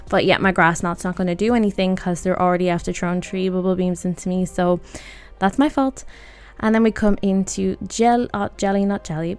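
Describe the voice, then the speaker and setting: A woman talks through her battles in a relaxed, chatty way, often laughing at her own blunders. Her voice sits at a middling pitch for a woman. Soft music plays quietly under her talk. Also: smooth. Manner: self-mocking, laughs often. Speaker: gaming video creator. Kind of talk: casual gameplay commentary. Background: background music.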